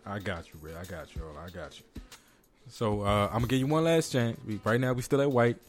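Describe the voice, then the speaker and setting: A man with a fairly low voice hosts a casual podcast, reading out news articles and riffing on them with a joking tone. Faint music sits behind his voice. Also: quick pace. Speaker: podcast host.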